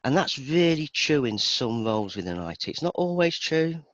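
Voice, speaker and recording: A man talking as an interview guest in a casual chat, explaining things thoughtfully with brief pauses. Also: fairly high pitch, big pitch swings, fairly bright tone, no echo. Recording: dull lo-fi sound.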